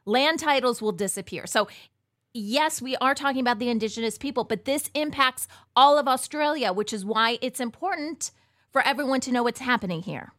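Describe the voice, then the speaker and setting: Chatty us woman doing her own show, kinda high voice, dry close sound. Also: a little fast, fairly bright tone, no echo. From United States. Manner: chatty, emphatic, frequent asides and fillers. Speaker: host. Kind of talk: casual monologue commentary.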